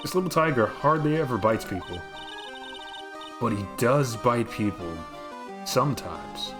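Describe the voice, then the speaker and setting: A man voicing a cheery young woman circus animal tamer in a bright, sing-song voice over game music. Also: medium pitch, lively intonation, a little slow, close to an everyday voice. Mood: breezy.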